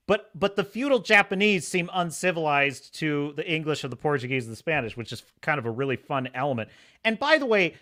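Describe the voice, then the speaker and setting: Lively male host, higher pitched and bright, animated and opinionated, laughs often. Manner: animated, laughing, acts out scenes in voices. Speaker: podcast host. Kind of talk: opinionated casual commentary.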